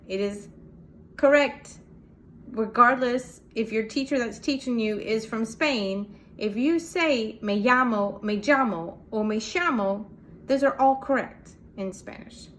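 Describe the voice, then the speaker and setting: A woman's voice: fairly high pitch, fairly bright tone, a little hiss or hum. An American woman, a Spanish teacher, giving a casual video lesson, explaining step by step, spelling out letters and modeling pronunciations. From United States.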